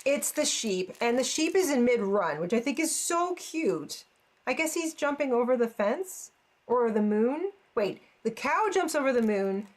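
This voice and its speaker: A woman's voice: a little high, lively intonation, unhurried. A woman hosting a crafting channel, chatting casually and gushing over each piece with frequent exclamations and little laughs. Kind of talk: casual unboxing chat.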